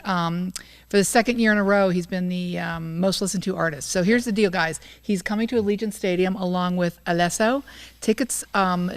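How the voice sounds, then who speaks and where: A woman co-hosting a casual podcast, enthusiastic and emphatic. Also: on the low side. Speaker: podcast co-host. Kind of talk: casual group chat.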